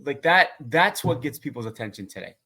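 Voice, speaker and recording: A man's voice: medium pitch, very animated, fairly quick, pushed and bright. A man co-hosting a casual chat, talking in a chatty, enthusiastic way that wanders into digressions, on a video call. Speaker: co-host asking questions.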